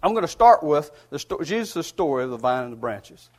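Easing into his sermon with a folksy personal story, a man preaches in a voice pitched high for a man, moving a little fast with big pitch swings. He sounds earnest and conversational, chuckling here and there.

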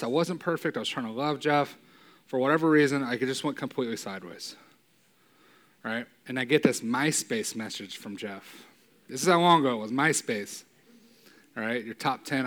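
Emotional, conversational male preacher. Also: medium pitch. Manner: emotional, builds to loud emphatic peaks; casual, conversational with fillers like "right?". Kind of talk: sermon.

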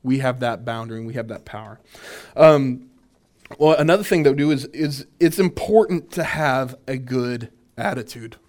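A man, a minister, teaching a church workshop on boundaries, animated and full of restarts as he tells stories. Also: medium pitch, moderate pace. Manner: animated storytelling with many restarts.

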